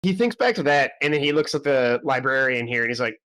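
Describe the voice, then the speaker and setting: A man's voice: medium pitch, very animated, fairly quick, few pauses, fairly bright tone. A man playing a tabletop game who jokes and teases the others. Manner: joking, teasing. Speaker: player.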